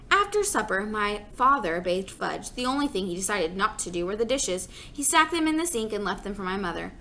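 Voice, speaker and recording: A woman's voice: medium pitch, sing-song, brisk, hardly any pauses, pushed and bright, a little hiss or hum. A woman reading a children's book aloud, adding chatty asides to her listeners. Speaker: storyteller.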